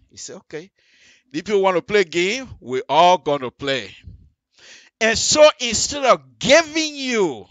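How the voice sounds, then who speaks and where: A man hosting a live radio talk show, explaining at length to listeners in an animated, emphatic way, repeating himself and addressing them directly. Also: medium pitch, no room sound. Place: radio studio.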